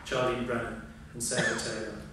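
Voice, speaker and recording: A man making a formal, earnest announcement to an audience, halting now and then with fillers. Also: mid-range voice, little pitch movement. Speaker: event organizer. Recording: echoey hall from far off, room noise.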